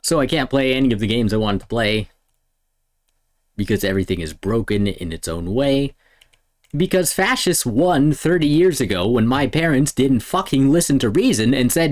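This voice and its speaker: Give me a man venting in a heated, profane rant, with a very animated voice that swings from shouts to quiet grumbles. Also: mid-range voice, normal speed. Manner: heated, swearing, lurching between shouts and mutters.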